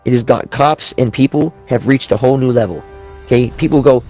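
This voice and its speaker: A man's voice: medium pitch, fairly quick, darkish tone, soft background music, poor audio. Profane rambling man ranting. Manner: profane, rambling, with frequent restarts. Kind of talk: casual rant.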